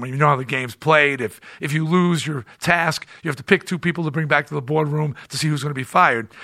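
A male podcast host spins a casual, animated story. His voice is bright and a touch high, and he restarts his sentences often as he rambles on.

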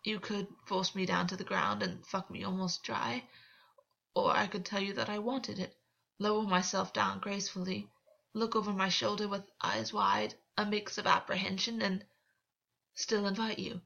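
A woman reading the lines of a defiant captive male former king in an audiobook, with a raspy, coaxing, provoking delivery. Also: medium pitch, flat delivery, normal speed, a bit bright, muffled recording. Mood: persuasive.

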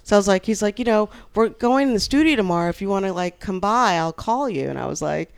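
A woman's voice: mid-range voice, fast, creaky, clear, resonant tone. A woman guest on a podcast, telling a long personal story in casual chat and acting out the other people in it. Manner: animated, acts out the people in her story.

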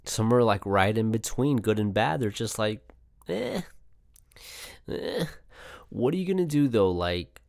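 A man's voice: fairly low pitch, expressive, normal speed, clear, resonant tone, no room sound, clean studio sound. A young man hosting his own podcast alone, talking casually in a loose, profane, rambling way. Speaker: podcast host. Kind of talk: casual solo podcast chat. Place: home setup, Arizona.

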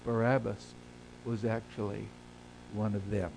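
A male pastor preaching a sermon, swelling loud and high on key phrases and then sinking low and quiet. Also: level tone, a little slow, creaky, background noise. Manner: preaches with big swells in pitch and volume, then drops low.

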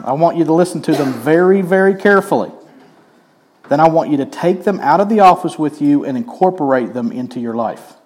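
A man puts on a blunt, impatient counselor who barks short orders at a patient, his voice pushed high and loud. He sounds more exasperated than kind and talks in clipped, insistent bursts. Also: animated, fairly quick, lightly acted. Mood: curt.

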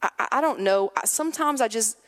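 A woman preaching a conversational sermon, telling lively personal stories and acting out a child's voice. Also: fairly high pitch, quick pace. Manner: animated storyteller, acts out her son's voice. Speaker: guest preacher. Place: church sanctuary. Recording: long hall reverb.

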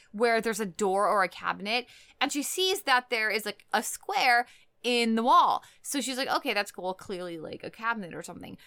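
A woman co-hosting a casual podcast, giggling as she retells film scenes and quickly acts out the characters' lines. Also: a little high, sharp tone, clear, resonant tone, dry recording. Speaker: podcast co-host. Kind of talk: casual chat recapping a film.

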